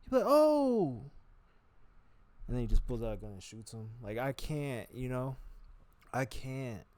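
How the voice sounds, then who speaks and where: A man's voice: medium pitch, fairly even intonation, normal speed, darkish tone, no echo. A young man vlogging in a loose, unscripted monologue to the camera. He swears freely and often breaks into acted-out quoted voices. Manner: rambling and profane, with sudden jumps into acted-out quoted voices. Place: on camera, gesturing with hands.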